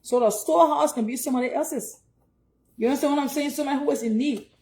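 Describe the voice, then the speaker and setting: A woman's voice: high-pitched, quick pace, dark tone. A woman with a Liberian English accent hosting a casual livestream, chatty and preachy as she urges viewers to give donations. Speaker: livestream host.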